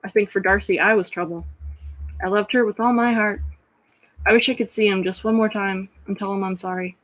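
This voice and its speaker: A woman's voice: mid-range voice, steady tone, a little fast, close to an everyday voice, poor audio. A woman voicing a kind male former arena fighter who speaks earnestly and comfortingly. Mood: wistful. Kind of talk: storytelling with character voices.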